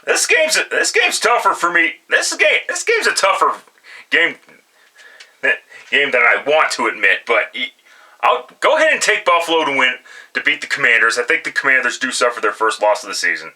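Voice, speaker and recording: A man's voice: mid-range voice, very animated, normal speed, pushed and bright, rough recording. A man giving blunt, profane football picks in casual solo commentary, often restarting his sentences. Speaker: sports picks vlogger.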